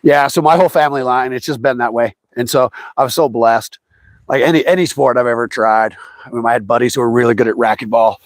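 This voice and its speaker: Hosting a fishing livestream, a middle-aged man chats quickly in a mid-range voice, spinning rambling stories and doing lively voices when quoting people. The recording is dry.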